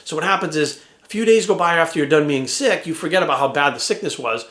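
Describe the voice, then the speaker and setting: A man's voice: fairly high pitch, quick pace, a bit bright. A man, a fitness coach, ranting bluntly to camera with heavy swearing and rhetorical questions. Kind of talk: profane casual rant to camera. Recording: echoey room.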